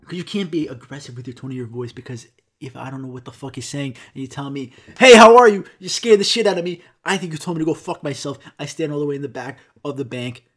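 A man's voice: medium pitch, quick pace, darkish tone, breathy edge. A man hosting a podcast, telling a comic story in a rambling, profane way and acting out the quotes. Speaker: podcast host.

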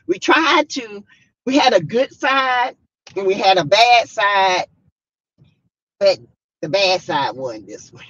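A woman's voice: mid-range voice, a bit bright, husky, lo-fi sound. A woman with a Southern American accent hosting a casual live stream, reading out viewer comments, laughing often and talking with plenty of sass. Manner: sassy, laughs often, greets viewers by name. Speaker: YouTube live stream host.

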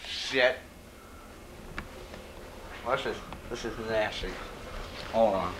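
A man doing an improvised comic rant, swearing constantly and breaking into sudden angry yells. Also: lowish voice, extremely slow, long pauses, slight background noise. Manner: profane, angry outbursts, sudden yelling. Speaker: comedic ranter. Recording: roomy home camcorder sound.

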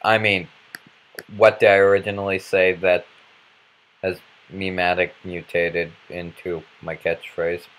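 A man's voice: sits low, level tone, a little slow, fairly bright tone. A man giving goofy, rambling commentary while playing a video game, breaking into random outbursts. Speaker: let's play commentator.

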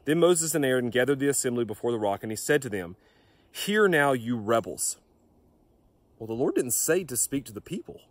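A young man with a fairly low voice delivers a youth devotion. He reads scripture and then speaks earnestly to his listeners, often stumbling and restarting his sentences. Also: no room sound. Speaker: youth pastor. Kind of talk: home-recorded youth devotion.

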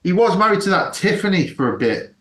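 A man chatting casually on a podcast in an easygoing voice that sits a little high for a man. He laughs easily and trails off into fillers. The room around him sounds echoey. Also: big pitch swings, brisk, a bit bright. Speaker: podcast co-host. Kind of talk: casual chat.

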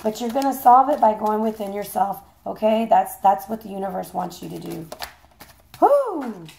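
Woman, hoarse, tarot reader, chatty and playful, vocal fry, mid pitch. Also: steady tone, a little fast, warm tone. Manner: chatty, playful, swears casually. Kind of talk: casual tarot reading.

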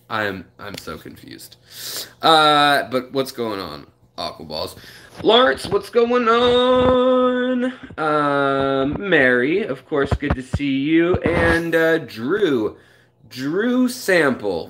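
A man's voice: medium pitch, fairly bright tone. Rambling man hosting a fish live stream. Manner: rambling, friendly, greets viewers by name. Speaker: aquarium live stream host. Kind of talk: casual live stream chat.

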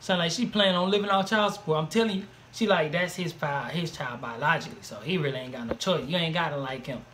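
Male co-host, high bright voice, slangy and joking. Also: fast talker, a little hiss or hum. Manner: laughing, slangy reactions. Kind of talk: casual commentary chat.

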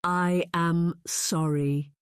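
A fretful, kindly gentlewoman urging her friend to move on, as read by an audiobook narrator. Her tone is earnest and coaxing, in a mid-range voice recorded close and dry. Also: mid-range voice, little pitch movement, very slow, clear, resonant tone, no room sound. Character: anxious, well-meaning female friend. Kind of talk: audiobook character reading.

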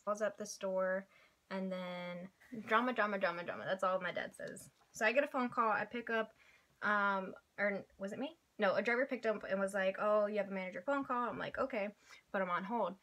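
A young woman chats away to her friend in a loose, animated way, acting out the people in her story. Her voice sits at an ordinary middle pitch and she fills her talk with easy, everyday phrasing. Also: normal speed. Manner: animated, chatty, quotes people in little voices. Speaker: vlog host. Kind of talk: casual chat, storytelling.

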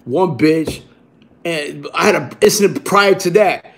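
High-voiced New man telling a story. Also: a little slow. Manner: animated, repeats "you heard?", bursts into shouting. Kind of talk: casual profane storytelling.

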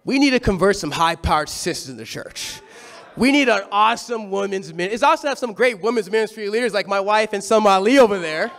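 A man preaching a sermon, telling the story in an animated, conversational way. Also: high-pitched, quick pace.

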